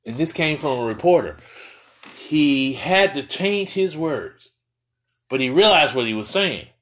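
A man's voice: fairly high pitch, lively intonation, measured pace, fairly bright tone, low-quality recording. A man from the United States giving an impassioned opinion monologue, full of rhetorical questions and repeated words for stress.

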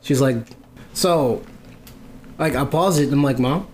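A man in casual podcast chat, an animated storyteller who acts out quoted exchanges and swears freely. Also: mid-range voice, measured pace, noisy background.

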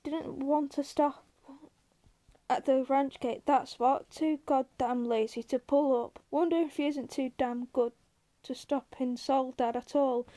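A woman voicing a small, wiry, irritable man who scolds and curses sharply, with a high, mellow voice. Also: steady tone, a little slow. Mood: exasperated.

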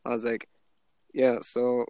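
Slow, monotone, and dark-toned, a young man hosts a casual podcast, telling stories and putting on a higher voice for the people he quotes. Audio quality is poor, but there's no echo.

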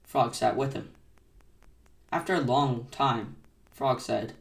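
A man hosting a bedtime story podcast, reading aloud gently in a soothing, unhurried style. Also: medium pitch, gravelly, echoey room, recorded from a distance.

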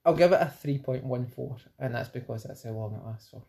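A woman with an unusually deep, dark voice co-hosts a podcast. She teases and chuckles through casual, relaxed banter. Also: fairly quick, gravelly. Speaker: podcast co-host. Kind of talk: casual chat.

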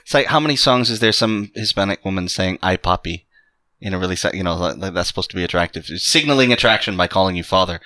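Man on a podcast, wry quips, very sharp bright tone, lively pitch. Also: rapid-fire, few pauses. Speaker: podcast guest player. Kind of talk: casual banter.

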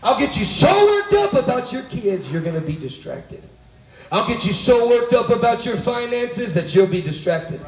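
A man preaching a sermon, animated, swinging from low asides to high, exclaiming bursts. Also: normal speed, roomy sound, poor audio.

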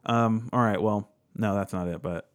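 A man with a very low, deep voice hosts a loose, casual chat. He reads facts aloud and riffs on them with offhand jokes and easy swearing. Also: fairly even intonation, moderate pace. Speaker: podcast co-host.

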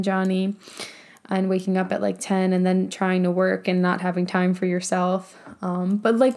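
Mellow-voiced, chatty young woman podcaster. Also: medium pitch. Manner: chatty, heavy use of "like", swears casually. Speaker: podcast host and business coach. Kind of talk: casual motivational podcast talk.

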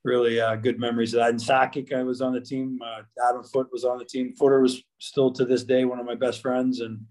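Rambling middle-aged man with a flat voice. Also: mid-range voice, brisk, poor audio. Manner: rambling, with many restarts and fillers. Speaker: guest, former pro hockey player. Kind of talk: casual interview.

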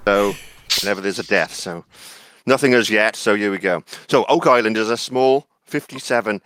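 A man hosting a casual online group chat, introducing topics in a relaxed, drifting way. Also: fairly low pitch, normal speed, slight background noise. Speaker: podcast host.

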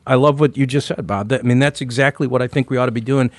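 A man's voice: medium pitch, steady tone, quick pace, dry recording. A man hosting talk radio, speaking in an emphatic, encouraging way on a roundtable podcast. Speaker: radio talk show host.

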